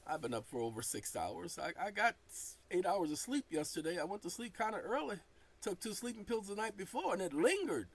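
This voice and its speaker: Tired man, lively rising and falling voice. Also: sits high, brisk, husky, low-quality recording. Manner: dictates punctuation aloud while reading. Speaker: channel host. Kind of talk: casual talk to camera.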